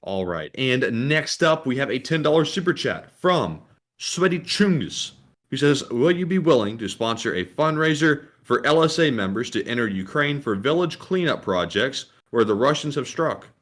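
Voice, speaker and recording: Give me a man co-hosting a casual livestream who reads viewer donation messages. His voice sits at a middle pitch, and his delivery is easygoing and plain. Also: lively intonation, moderate pace, fairly bright tone. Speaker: co-host reading donation messages.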